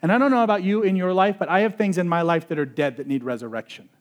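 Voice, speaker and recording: A high-voiced man preaching a casual, conversational sermon. He swings from loud, pressing emphasis to hushed, intense asides and sprinkles in "like" as he talks. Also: fast. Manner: conversational, uses "like" often. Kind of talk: expository sermon.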